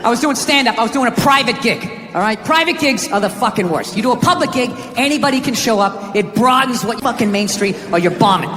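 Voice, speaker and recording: Loud ranting man doing stand-up. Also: very high voice, expressive, fast, hardly any pauses. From United States. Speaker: stand-up comedian. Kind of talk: stand-up comedy set. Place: comedy stage before a live audience. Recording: echoey live hall with crowd noise.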